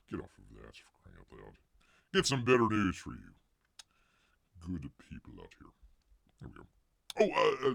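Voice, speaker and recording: A fairly low, slightly rough voice with vocal fry and a bit of brightness belongs to a man hosting a comics news live stream. The sound is studio quality with no echo. He rambles, cracks jokes, mutters asides, and calls himself Bear in the third person.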